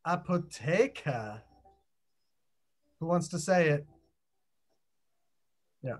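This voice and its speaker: Host on a video call, playful and chatty, keeps tossing questions to the group, mid-pitched voice. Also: lively intonation, normal speed. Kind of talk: casual group chat.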